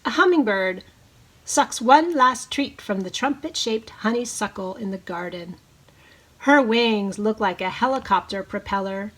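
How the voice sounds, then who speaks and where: A woman teacher reading a picture book to young children, leading them in bird calls and counting with slow, encouraging delivery. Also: medium pitch, lively intonation. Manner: slow, encouraging, leads bird-call imitations. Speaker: preschool teacher.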